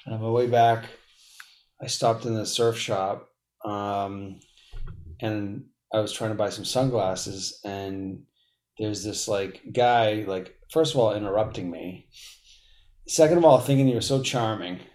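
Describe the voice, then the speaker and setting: A man in his forties from Boston, a podcast guest telling stories in a blunt, profane, animated way. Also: fairly low pitch, a little slow. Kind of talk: casual storytelling.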